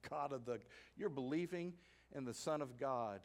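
A man preaching a sermon as pastor in a church, telling a story with animated delivery and sudden shouted emphases. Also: medium pitch, moderate pace. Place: church sanctuary.

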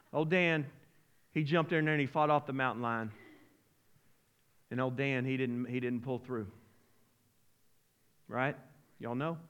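Folksy, animated preacher man. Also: fairly high pitch, smooth. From Arkansas-Oklahoma region. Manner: folksy, animated, emotional preaching with many restarts. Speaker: pastor. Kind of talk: sermon.

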